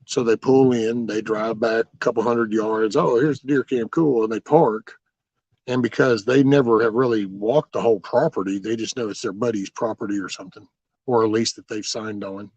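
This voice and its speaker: A man's voice: fairly low pitch, fairly even intonation, normal speed, a little mellow, no echo, lo-fi sound. A man hosting a livestream, rambling through folksy stories with mild cursing as he answers viewer comments. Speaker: livestream host.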